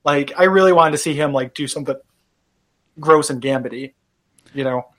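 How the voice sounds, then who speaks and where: A man's voice: on the high side, moderate pace. A man hosting a casual chat on a stream, playful and rambling, with many filler words. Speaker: stream host.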